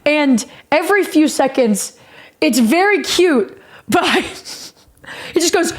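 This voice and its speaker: Woman, high voice, streamer, casual storytelling, swears a lot, laughs often. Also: animated, takes it slowly. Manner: profane, rambling, laughing.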